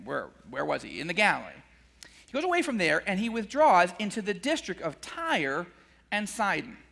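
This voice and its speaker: A man with vocal fry teaches scripture at a moderate pace, his conversational sermon echoing through a large hall. Lively throughout, he chuckles between points and mimics the disciples' complaints with a sudden rise in pitch.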